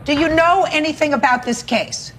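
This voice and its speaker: A woman's voice: high-pitched, moderate pace, a bit bright, a little hiss or hum. A woman judge questioning a litigant in court, blunt and sharply probing with no-nonsense directness.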